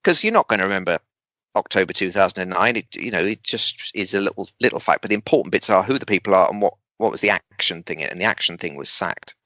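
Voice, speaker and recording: A man, a guest speaker and humorist, talking in a casual interview with animated emphasis, dry jokes and deliberate pauses. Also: low-pitched, no room sound.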